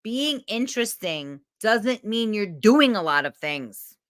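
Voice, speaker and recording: Animated, emotional woman coach. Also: medium pitch, slow pace. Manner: emotional, candid, swears freely. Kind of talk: motivational talk to camera.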